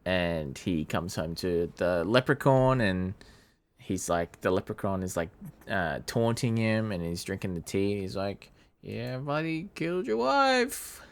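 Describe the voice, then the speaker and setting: A man's voice: sits low, unhurried. A man co-hosting a podcast, casually recounting a film plot, laid-back with some swearing. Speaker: podcast co-host. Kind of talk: casual film-recap chat.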